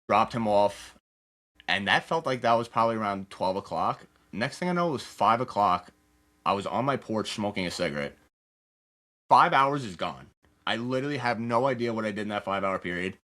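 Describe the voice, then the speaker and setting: Podcast guest, young man, deep and quick, rambling candid storytelling, acts out quotes. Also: animated, a bit bright. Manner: rapid, loose storytelling full of "like" and acted-out quotes.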